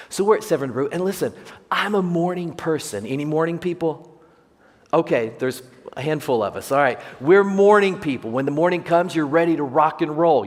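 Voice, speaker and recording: A man preaching a sermon, telling humorous personal stories and asking the congregation questions. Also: medium pitch. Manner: jokey storyteller, asks the congregation questions. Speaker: pastor. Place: large church sanctuary. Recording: long church hall reverb.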